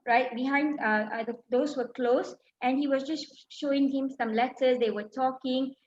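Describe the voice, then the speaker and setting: A woman's voice: high-pitched, steady tone, moderate pace, a little mellow, a little hiss or hum. A middle-aged woman from Malaysia telling a personal story in a talk, emotional and full of fillers and restarts. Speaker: speaker. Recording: dull lo-fi sound.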